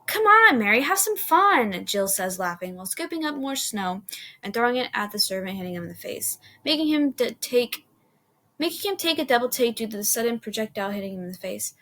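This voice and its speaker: A woman's voice: medium pitch, expressive. Woman reading a horror story. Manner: unhurried, with small restarts.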